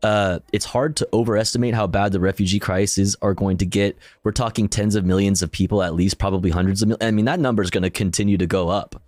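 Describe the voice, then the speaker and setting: A man's voice: on the low side, fairly even intonation, fast, few pauses, darkish tone, dry recording, studio quality. A male streamer casually reading news articles aloud and commenting, profane and self-deprecating, often stumbling over his words.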